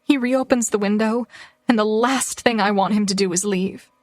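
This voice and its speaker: A woman's voice: mid-range voice, normal speed, dry recording, clean studio sound, soft background music. A young woman reads a first-person romance audiobook, her delivery emotional and tearful. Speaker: audiobook narrator.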